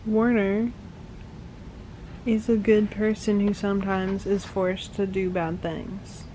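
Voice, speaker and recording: A young woman vlogging her reactions to a novel in casual, animated, exasperated commentary. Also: mid-range voice, slow, slight background noise, poor audio. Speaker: book vlogger.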